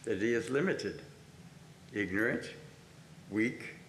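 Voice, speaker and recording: Man, reading aloud, emphatic, measured, echoey room, light background noise. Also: lowish voice, animated. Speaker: reader in a study group. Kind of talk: reading a spiritual text aloud. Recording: roomy echo, faint background noise.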